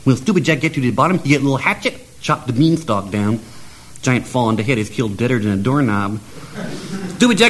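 Playful, animated male storyteller. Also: fairly high pitch, fast, slight background noise. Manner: playful, chuckling, mock-broken grammar. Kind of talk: comic oral storytelling.

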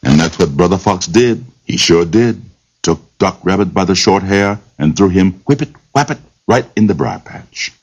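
A man's voice: deep voice, lively intonation, moderate pace, slight background noise. A man telling a folktale aloud in a rhythmic, lilting oral style full of repetitions. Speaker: storyteller. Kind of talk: folktale storytelling. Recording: dull lo-fi recording.

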